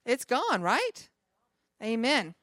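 A woman's voice: fairly high pitch, wildly swooping pitch, slow, fairly bright tone, dry recording, clean studio sound. A woman pastor giving an informal sermon to a small group, talking conversationally with chatty asides between scripture readings.

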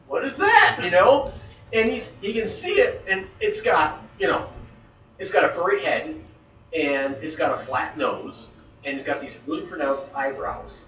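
A man spins a spooky tale in casual talk, swearing freely. His pitch runs high and leaps around as he acts out frightened moments. The sound is roomy and distant, with faint noise behind him. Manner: profane, animated storyteller who acts out scared reactions. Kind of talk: casual storytelling. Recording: echoey room heard from a distance.

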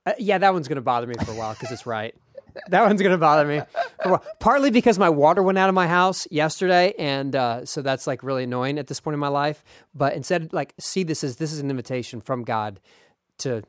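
A man hosting an interview, animated and self-deprecating, laughing easily as he reacts to his guest. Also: on the high side, quick pace, dry recording, clean studio sound. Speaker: podcast host. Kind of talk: casual interview chat.

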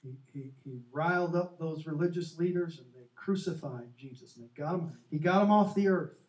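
A man's voice: on the high side, normal speed. Male co-host, earnest faith storyteller, echoey distant recording. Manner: earnest, animated storyteller who acts out quotes. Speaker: co-host of a Christian talk show. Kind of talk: casual faith talk, storytelling. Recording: echoey room, distant from the mic.

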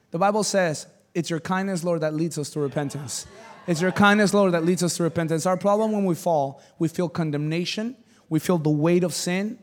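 A male pastor preaching a sermon, telling a personal story with jokes, loud exclamations and hushed asides to his congregation. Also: sits high. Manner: animated, jokey storyteller who swings from loud exclamations to quiet asides. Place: church service before a congregation.

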